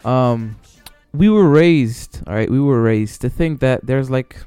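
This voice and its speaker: A man's voice: mid-range voice, a little slow, dark tone, smooth, no echo. A man hosting his own solo podcast, rambling casually and swearing, with many fillers and restarts. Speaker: podcast host. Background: faint background music.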